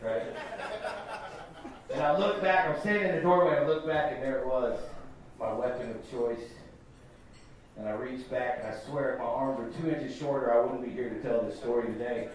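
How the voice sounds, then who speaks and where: A man's voice: medium pitch, fairly even intonation, normal speed, a little hiss or hum. A young man in his twenties doing a stand-up comedy set, telling a story in a loose, profane way with asides to the crowd. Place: comedy club stage. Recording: echoey club room from far off with crowd. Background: audience laughter.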